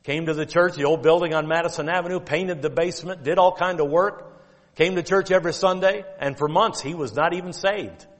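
Emphatic pastor preaching in a reverberant hall. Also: male voice, a little high. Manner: emphatic preaching, quoting King James scripture; drawn-out stress on key words. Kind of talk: sermon. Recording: long reverb of a church hall.

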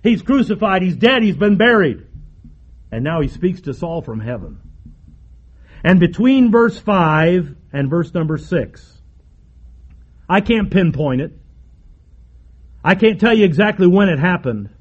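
A man preaching a sermon emphatically, with repeated phrases and dramatic pauses. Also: fairly high pitch, big pitch swings, darkish tone, slightly rough, highs cut off.

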